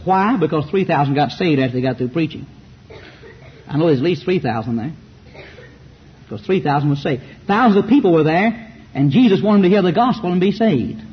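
A man's voice: on the high side, animated, fairly quick, breathy edge. A man with a Southern US accent preaching a fiery sermon full of rhetorical questions and mocking asides. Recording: muffled recording with faint background hiss.

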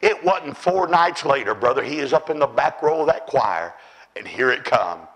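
A man preaching a sermon, telling stories with fervour and often shouting. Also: medium pitch, expressive, normal speed, poor audio. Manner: fervent storytelling, often shouting.

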